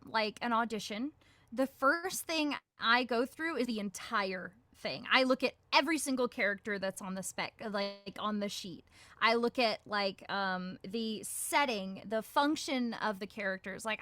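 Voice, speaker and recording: A woman voice actress talks through her craft in a relaxed interview, with lots of "like" and "um" fillers and little acted-out quotes of her own thoughts. Her voice is bright and fairly high, and it sounds dry and close, with no room around it. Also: no echo. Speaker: guest voice actress. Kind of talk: casual interview answers.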